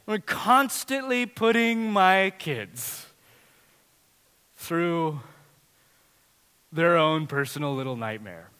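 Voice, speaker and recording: Young dad preacher, high bright voice, telling stories in an echoey church hall. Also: male voice, takes it slowly. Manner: animated storytelling, shifting from loud to hushed. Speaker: pastor. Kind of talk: sermon. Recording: long hall reverb.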